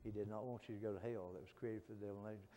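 Man, middle-aged preacher, folksy sermon, soft pleading to loud fervent, long church reverb. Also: fairly low pitch, fairly even intonation, very fast, a little hiss or hum. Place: church sanctuary.

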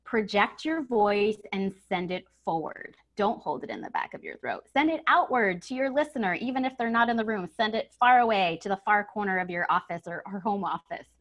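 A woman giving a webinar lesson on using the voice, stressing key words and shifting her pitch and loudness to show each tip. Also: animated, a little fast, hardly any pauses. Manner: demonstrative, emphatic, varies pitch and volume to show tips. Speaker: communication trainer. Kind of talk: webinar coaching on voice. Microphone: home setup over video call.

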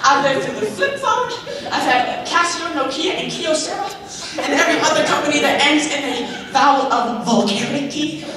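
A young man voicing a sassy, churchgoing woman shopper in a comic stage skit, drawn-out and preachy. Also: very high voice, animated. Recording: echoey hall from far off, crowd.

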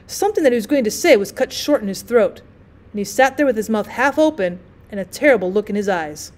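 A woman teacher reads a classic short story aloud as an audiobook, telling it steadily and expressively. Her voice sits a touch higher than most women's. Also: lively intonation, a little fast, a little mellow.

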